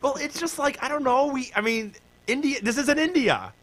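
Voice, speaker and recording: A man's voice: very high voice, normal speed, a bit bright, raised voice. A man co-hosting a casual podcast, searching for words and trailing off mid-thought. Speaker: podcast co-host.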